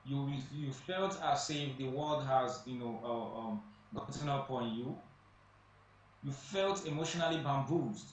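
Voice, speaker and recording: A man's voice: medium pitch, measured pace. A man speaking as a guest on a studio talk show, emphatic and repeating phrases for stress. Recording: echoey distant room mic, faint noise.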